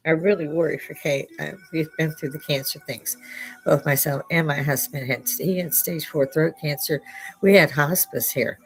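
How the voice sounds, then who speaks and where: An older American woman hosting a livestream from her home bar, chatting in a rambling way and laughing often, on a headset mic. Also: deep voice. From United States. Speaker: livestream host. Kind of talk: casual chat. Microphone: headphones with clip-on mic.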